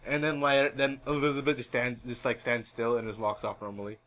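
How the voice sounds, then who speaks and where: A man hosting a podcast in casual chat, rambling and animated with many filler words. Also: mid-range voice, fairly quick, low-quality recording. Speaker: podcast host.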